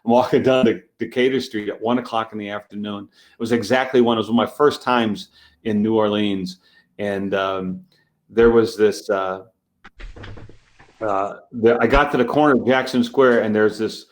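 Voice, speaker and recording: Animated man telling a street story. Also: lowish voice, moderate pace. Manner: animated storyteller acting out dialogue. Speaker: street magician guest. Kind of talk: storytelling in a casual interview.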